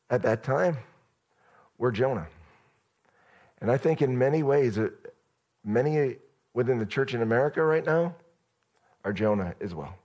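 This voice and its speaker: A man's voice: mid-range voice, darkish tone. Conversational male pastor preaching. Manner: conversational, storytelling, addresses the church directly. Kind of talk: sermon.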